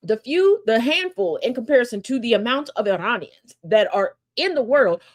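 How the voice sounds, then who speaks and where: A woman with a fairly high voice gives casual political commentary on her own daily stream. She talks with sass and sarcasm, laughs a lot, and mocks the people she quotes. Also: sing-song, moderate pace.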